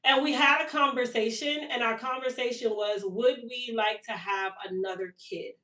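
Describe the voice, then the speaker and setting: A woman, hosting a live stream for her hair care business and telling a long-winded, animated story about her toddler. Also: a little high, normal speed, recorded from a distance. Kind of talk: casual live-stream sales chat. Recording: echoey room, voice a bit off-mic.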